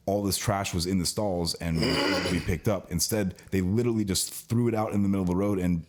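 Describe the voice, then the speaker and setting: Very low-voiced man venting at length. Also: steady tone, a little fast. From California, US. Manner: venting, long rambling story with restarts. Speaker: podcast co-host, service department worker at a car dealership. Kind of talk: casual podcast chat.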